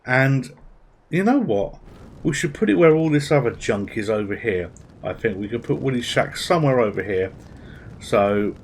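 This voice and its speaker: Over a faint hiss or hum, a man with a medium-pitched voice gives easygoing commentary as he plays a game on his PC. He hosts a gaming channel and thinks out loud, dropping small asides along the way.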